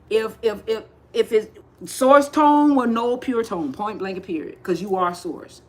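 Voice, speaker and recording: A woman giving a slow, repetitive spiritual talk on a livestream, speaking with emphatic insistence. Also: on the high side. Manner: rising to forceful insistence. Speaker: spiritual teacher.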